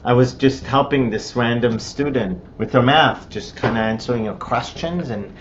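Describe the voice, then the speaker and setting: A middle-aged man from Israel with an Israeli accent and Hebrew as his first language, telling his personal story in a conversational way, with many restarts and fillers. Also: normal speed. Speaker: interview guest. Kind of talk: personal testimony. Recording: slightly dull with faint rumble.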